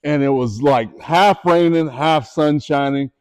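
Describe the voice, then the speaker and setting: Speaking to students in an unhurried, smooth, slightly high voice, this middle-aged man delivers a motivational talk. His storytelling is animated, he imitates the characters he describes, and he questions his listeners directly.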